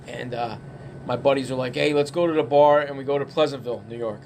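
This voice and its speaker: A middle-aged man at a bar telling a casual story in an animated, profane way, acting out the quotes. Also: mid-range voice, quick pace, vocal fry, slight background noise.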